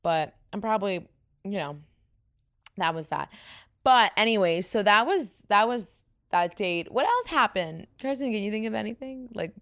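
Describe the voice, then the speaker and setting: Young woman podcast host, somewhat deep voice with a touch of fry, chatty and animated, mid-range pitch. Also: normal speed. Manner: chatty, animated, full of fillers and asides. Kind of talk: casual chat.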